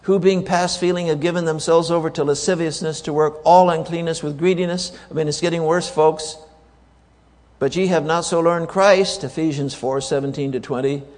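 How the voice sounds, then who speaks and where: A man's voice: fairly high pitch, steady tone, moderate pace, a little mellow. Emphatic male preacher in a reverberant hall. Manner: emphatic, repeats key words, asks the audience rhetorical questions. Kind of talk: sermon.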